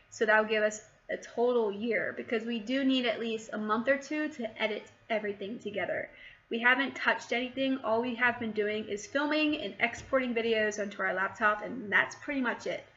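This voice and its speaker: A woman's voice: on the high side, bright, forceful tone, highs cut off. Chatty young woman on a laptop mic. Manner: chatty, rambling, many ums. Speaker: vlogger and documentary director. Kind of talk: casual vlog. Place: home, sitting with laptop, laptop fan blowing. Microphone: laptop built-in mic.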